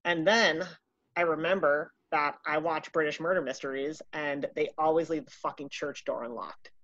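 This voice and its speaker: A woman telling a casual anecdote in a profane, animated, self-mocking way. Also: low voice, moderate pace, no echo, dull audio. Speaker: storyteller.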